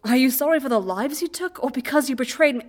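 A woman voicing a stern, tired woman Jedi master who speaks in a measured, reproachful way in an audiobook reading. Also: lowish voice, flat delivery, close to an everyday voice. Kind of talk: audiobook reading of fan fiction.

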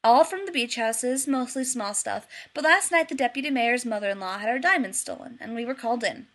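Lady reading a courteous tired sidekick dude, bright voice, gravelly. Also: very high-pitched, lively intonation, fairly quick, heavily acted. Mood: polite. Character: polite exasperated young man, long-suffering sidekick.

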